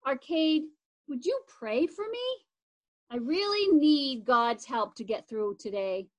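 A woman's voice: high voice, animated, slow. A woman voicing a tearful big-sister girl. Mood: pleading. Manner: sobbing, pleading.

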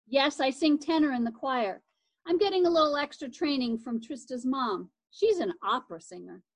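A woman's voice: sits high, animated, normal speed, no echo. A woman reading aloud, voicing a polite, somewhat formal young neighbor boy in a storybook. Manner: courteous and a little formal. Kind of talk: reading a children's chapter book aloud.

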